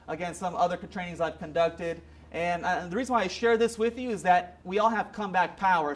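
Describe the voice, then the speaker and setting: A man giving a motivational seminar talk, telling stories in an animated way. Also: sits high. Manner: animated storytelling with acted quotes. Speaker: motivational speaker.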